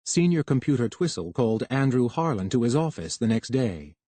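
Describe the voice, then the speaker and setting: A man reading a novel aloud in measured, scripted narration. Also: mid-range voice, very animated, warm tone, dry recording. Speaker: audiobook narrator.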